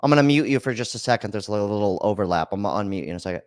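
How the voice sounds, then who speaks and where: A man's voice: on the low side, animated, very fast, no room sound, studio quality. A man hosting a call-in podcast, ranting bluntly and swearing about living costs in casual chat. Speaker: podcast host. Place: home studio, Florida.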